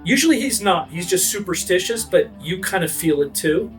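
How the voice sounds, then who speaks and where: A man's voice: sits high, animated, normal speed, soft background music. A man narrating as game master, describing scenes vividly and immersively.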